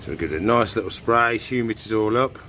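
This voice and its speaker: A man, a reptile keeper chatting casually through animal checks and coaxing the animals in a soft voice. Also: lowish voice, quick pace, a little hiss or hum. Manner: chatty, talks softly to the animals. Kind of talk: casual animal care vlog.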